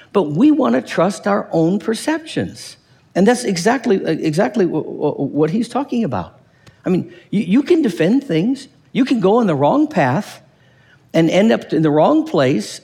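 A man preaches in a church, his voice high and gravelly with wide, lively swings in pitch. He keeps asking his listeners questions and acts out the voices of the people he quotes. A long hall reverb trails behind him. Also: normal speed. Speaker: pastor. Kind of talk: sermon.

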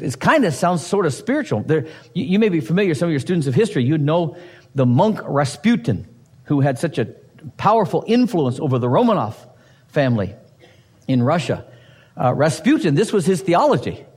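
A husky male voice, somewhat high and a little mellow, fills a hall with long reverb. The pastor is teaching a passage verse by verse, mixing in emphatic asides and occasional humor.

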